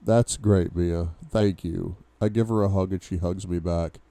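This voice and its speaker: Young guy reading a novel out loud, low warm voice, stops to talk to viewers. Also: steady tone, unhurried, vocal fry, no room sound. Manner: reads aloud with asides to viewers. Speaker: book club reader. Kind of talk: audiobook-style reading.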